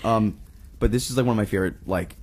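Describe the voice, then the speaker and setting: A man's voice: fairly low pitch, fast talker, darkish tone, slight background noise. A man co-hosting a podcast, reading a scary story aloud in a casual, laid-back way full of swearing.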